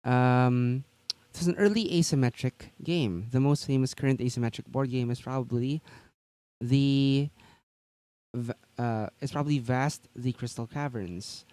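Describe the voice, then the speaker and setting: A man's voice: mid-range voice, unhurried, warm tone, smooth, dry recording. Casual rambling man on a dry mic. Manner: casual, rambling, many fillers and restarts. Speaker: co-host of a tabletop gaming news show. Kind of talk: casual live-stream news chat.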